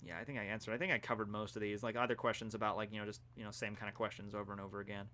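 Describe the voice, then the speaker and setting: Young adult male streamer, bright and forceful tone, loose chatty reading of viewer questions. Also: fairly low pitch, flat delivery, very fast, a little hiss or hum. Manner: rambling, laid-back, answers questions read from chat. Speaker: streamer answering chat questions. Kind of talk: casual live-stream chat.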